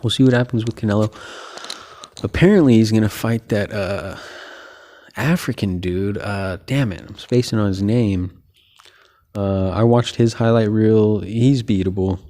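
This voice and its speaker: A man's voice: fairly low pitch, unhurried. A man hosting a casual solo talk about boxing, rambling and opinionated, with lots of "you know" fillers. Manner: relaxed, opinionated and loose. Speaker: host.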